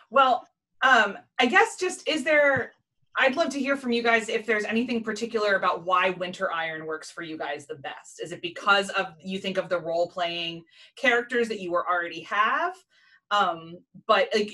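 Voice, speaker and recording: A woman's voice: medium pitch, pushed and bright. Curious woman podcast host. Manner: curious, asks probing questions. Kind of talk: casual interview chat.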